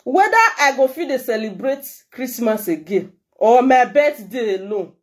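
A middle-aged Nigerian woman speaks straight to her followers in an emotional vlog message. Her voice is warm and mellow, pitched slightly high for a woman, and her delivery is heartfelt and pleading. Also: lively intonation, moderate pace. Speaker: vlogger. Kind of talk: emotional direct-to-camera message.

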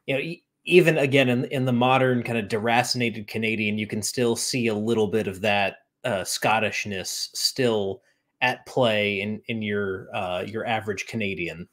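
A man's voice: lowish voice, fairly even intonation, normal speed, fairly bright tone. A man hosting a conversational interview, restarting his phrases often. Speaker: podcast host. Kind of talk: casual interview talk.

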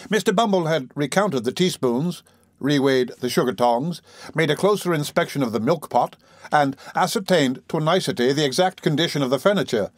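A man reading a classic novel aloud as an audiobook narrator, in a measured, theatrical way. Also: medium pitch, no echo, clean studio sound. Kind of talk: scripted narration.

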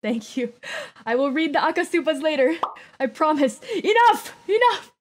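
A woman's voice: sits high, normal speed. A woman streaming a game live, flustered and laughing as she thanks viewers and protests their donations. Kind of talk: live gaming stream chat.

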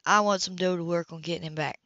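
A woman reading aloud plays a coarse, boozy woman who smokes and curses, brash and sneering, pushed a bit louder than the narration. The sound is dull and dry, close with no room. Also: lowish voice, fairly even intonation, quick pace, no room sound, lightly acted.

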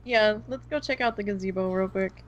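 A woman's voice: medium pitch, fairly quick, a little hiss or hum. A woman playing a tabletop game, asking curious questions as a player. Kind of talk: casual game chat.

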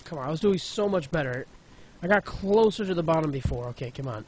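A man's voice: a little high, animated, quick pace, heavy background noise. A man giving frustrated, exclamatory commentary while playing a video game. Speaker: gaming YouTuber. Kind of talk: let's play commentary.

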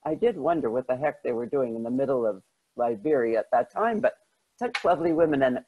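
An older woman, a journalist, answers interview questions with lively anecdotes, stumbling restarts and self-deprecating laughter. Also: extremely low pitch, a little fast, slightly rough, narrow, tinny audio. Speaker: guest, journalist.

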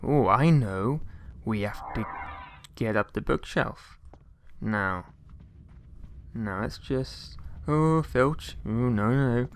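A man's voice: mid-range voice, takes it slowly, a little hiss or hum. A man giving casual gameplay commentary, rambling along with jokey, mock-outraged asides and mild swearing. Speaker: let's play gamer.

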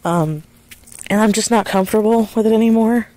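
A woman vlogging in casual chat, rambling and swearing freely, speaking in a soft hushed voice outdoors at night while walking a dog. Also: medium pitch, fairly quick.

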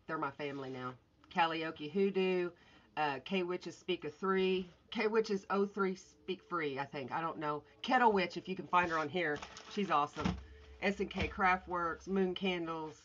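A woman's voice: low voice, fairly bright tone. Chatty woman on a lo-fi livestream. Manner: chatty, scattered, greets viewers, swears casually. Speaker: artist livestreaming. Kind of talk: casual livestream chat. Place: at home, morning. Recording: dull lo-fi phone audio.

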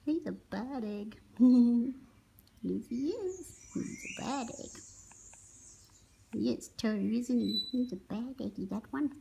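A woman's voice: fairly high pitch, animated, slow pace, creaky, dark tone, slight background noise. A woman talking doting baby talk to her pet parrot, with whispery asides. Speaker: pet owner.

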